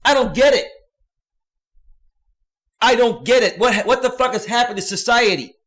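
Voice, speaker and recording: Male streamer, high-pitched, angry profane rant to viewers. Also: moderate pace, fairly bright tone. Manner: profane, heated, repetitive ranting. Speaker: livestream host and coach.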